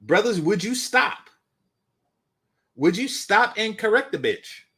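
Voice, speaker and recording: A man's voice: high-pitched, sing-song, slow pace, bright, forceful tone. A man hosting a dating commentary channel, talking casually with blunt, dismissive swearing.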